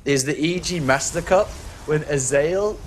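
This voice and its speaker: A man's voice: fairly high pitch, measured pace, slight background noise. A man casting a video game match, playful and chatty, poking fun at himself. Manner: playful, self-mocking, chatty. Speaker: esports caster. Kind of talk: casual game commentary.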